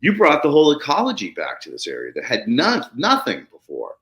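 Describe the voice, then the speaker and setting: A man hosting a podcast, telling stories casually and animatedly, swearing freely and jumping up in pitch when he acts out excitement. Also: brisk. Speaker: podcast host. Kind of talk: casual storytelling conversation. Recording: roomy echo.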